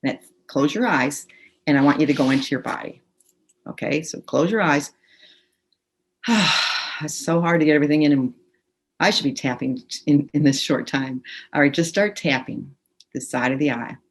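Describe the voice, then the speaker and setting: A woman gently guiding a tapping session. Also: sits low, moderate pace, pauses often, husky. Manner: gentle, instructive, leads phrases for the group to repeat. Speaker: tapping practitioner. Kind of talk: guided tapping session on a video call. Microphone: computer mic on a video call.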